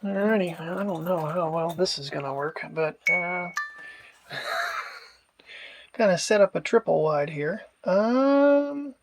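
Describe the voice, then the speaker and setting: High-pitched guy rambling through a daily vlog, kinda dull lo-fi sound. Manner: rambling, chatty, talks to his dog. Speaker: daily vlogger. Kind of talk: casual chat. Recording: dull lo-fi sound, faint noise.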